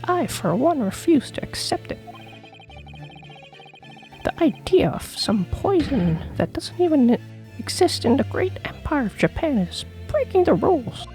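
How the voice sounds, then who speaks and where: A woman's voice: high-pitched, big pitch swings, a little slow, darkish tone, faint music behind, pitched above the performer's own voice, full character voice, poor audio. A woman voicing a haughty, scornful English noblewoman in a fan voice-over of a video game, talking down to everyone with sneering condescension.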